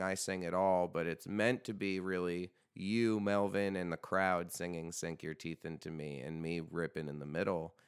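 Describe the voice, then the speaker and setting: A man's voice: low voice, clear, resonant tone, no echo, clean studio sound. A man hosting a podcast in casual chat, rambling and joking with frequent swearing. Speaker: podcast host.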